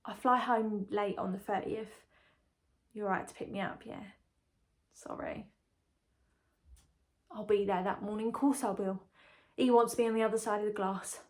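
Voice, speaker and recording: A woman's voice: mid-range voice, fairly even intonation, a little slow, pauses often, close to an everyday voice. A young woman performs a dramatic monologue as a chatty, confiding young woman engaged to a condemned prisoner. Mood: breezy. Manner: confiding, gossipy, breezy. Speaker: lead character in a monologue.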